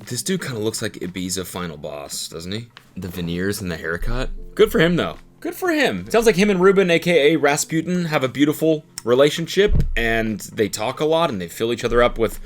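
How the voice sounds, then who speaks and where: A man in his thirties doing comedic reaction commentary on podcast clips, swinging into loud goofy voices and crude jokes. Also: medium pitch. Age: 30s. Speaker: commentary host.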